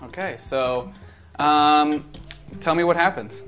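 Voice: mid-range voice, slow pace, a bit bright, soft background music. A game master running a tabletop game, narrating casually and laughing often.

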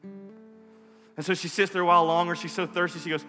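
A man preaching a sermon as pastor, his delivery rising from hushed prayer to impassioned appeal. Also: fairly high pitch, moderate pace, long pauses. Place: church sanctuary. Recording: music, long hall reverb.

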